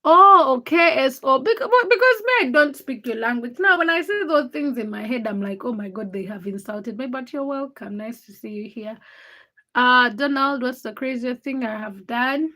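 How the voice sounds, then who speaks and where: A woman's voice: sits high, expressive, moderate pace, bright, forceful tone. A tired young woman hosting a late-night livestream, teasing and chatting with viewers as she reads their comments by name. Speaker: livestream host.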